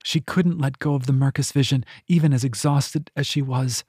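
A man's voice: medium pitch, fairly even intonation, a little mellow, slightly rough, dry recording. Man reading a story, dry and close. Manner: measured storytelling. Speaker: audiobook narrator. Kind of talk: scripted narration.

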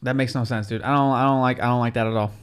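A man's voice: medium pitch, steady tone, slight background noise. A man hosting a podcast in casual chat, reacting bluntly and swearing a lot. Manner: blunt, profane, quick reactions. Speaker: podcast host.

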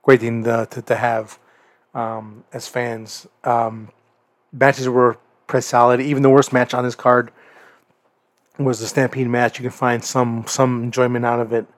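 A young man rambles through a wrestling event review, stumbling over his words and restarting sentences. His voice sits mid-range and stays flat in pitch. The sound is dry and close. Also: a little slow, no echo. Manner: rambling, many restarts and stammered repeats. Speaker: podcast host.

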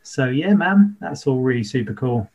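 Excitable bloke hosting a podcast, matey and upbeat, mid voice. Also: male voice, mid-range voice, moderate pace. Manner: enthusiastic, chummy, calls everyone mate. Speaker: podcast host. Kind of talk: casual chat.

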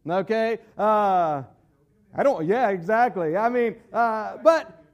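Southern pastor, man, high voice, folksy sermon with lots of restarts. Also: animated, takes it slowly, dull audio. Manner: folksy, repeats words while searching for phrasing.

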